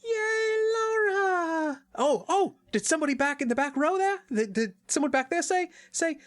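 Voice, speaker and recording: A man voicing a cheery, self-satisfied female adventurer in a squeaky, sing-song falsetto. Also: expressive, normal speed, a bit bright. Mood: fishing for thanks.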